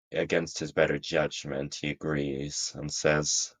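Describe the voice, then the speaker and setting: A man tells his own fan-fiction story in a loose, casual way and often restarts his sentences. His voice sits extremely low. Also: flat delivery, normal speed, hardly any pauses, lo-fi sound. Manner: rambling, frequent restarts.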